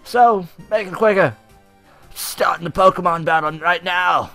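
A man voicing a young male video game rival trainer in an exaggerated put-on Australian accent, loud and high. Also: level tone, fast talker, faint music behind. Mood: bossy.

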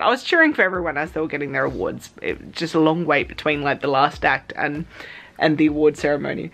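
Chatty Australian woman, low voice. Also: normal speed. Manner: chatty, excited retelling, acts out her own reactions. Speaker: cosplay vlogger. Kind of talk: casual vlog chat.

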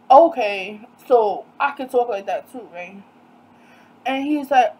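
A young woman telling a storytime vlog in a casual, animated way, acting out quoted dialogue with disbelief. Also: on the high side, moderate pace, slightly rough, rough recording. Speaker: vlogger.

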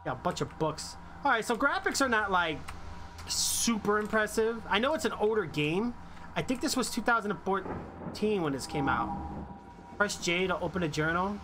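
A man's voice: high-pitched, moderate pace, noisy background. Jumpy man streaming a horror game. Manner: excitable, jumpy, reads game text aloud. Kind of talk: live horror gameplay commentary. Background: game music.

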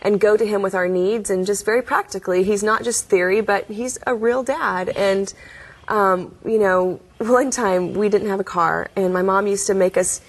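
A woman's voice: mid-range voice, normal speed, breathy edge. A young adult woman, a guest in an interview, telling her story in an earnest way and acting out quoted voices. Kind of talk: interview testimony.

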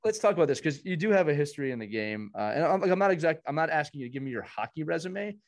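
A man's voice: on the high side, expressive, racing. A man hosting a casual podcast, talking in an effusive, earnest way as he praises his co-hosts. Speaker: podcast host.

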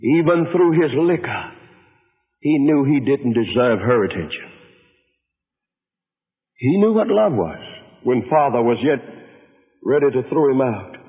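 A man's voice: medium pitch, very animated, unhurried, pauses often. A male pastor telling a story in a dramatic sermon in a large church hall. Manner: dramatic, dynamic delivery. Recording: tinny lo-fi audio, long hall reverb.

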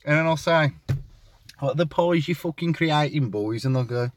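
A young man tells a crude, sweary comic story. His pitch jumps all over as he acts out chats, and the sound is dry with no room around it. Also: expressive, normal speed, no echo. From West Midlands, England. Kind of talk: rambling comic monologue.

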